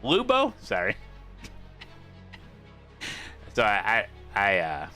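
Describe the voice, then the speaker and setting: A man hosts a sim racing livestream in a medium-pitched, lively voice with a sharp edge, speaking a little slowly over soft background music. He chats casually and rambles, cutting himself off and circling back to repeat his points.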